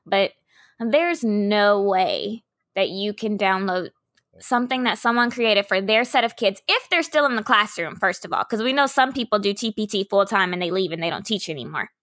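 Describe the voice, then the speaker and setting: Bright-voiced Southern woman podcaster. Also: medium pitch, animated, moderate pace, no room sound, studio quality. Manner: frank, opinionated. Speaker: podcast co-host, kindergarten teacher. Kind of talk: casual podcast chat.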